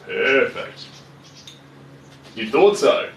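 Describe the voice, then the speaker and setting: A man's voice: medium pitch, animated, extremely slow, a little hiss or hum. A man live-streaming while he paints. He chats casually, mutters to himself as he works, and greets viewers. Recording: roomy echo, voice far from the mic, faint ambience.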